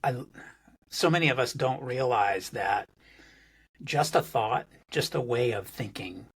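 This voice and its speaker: A man speaks as a guest on a podcast, explaining ideas in a measured, thoughtful way. His voice is gravelly and husky. The sound is dry and close, and he repeats words as he searches for what to say. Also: medium pitch, lively intonation, no echo. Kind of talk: conversational explanation.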